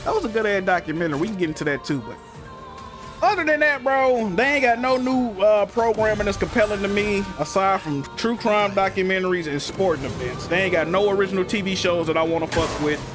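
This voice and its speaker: A man's voice: sits high, animated, fairly quick. A man streaming a game, telling a long profane story in heavy slang while chatting. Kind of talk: casual rant on a gaming stream. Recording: music playing in the background.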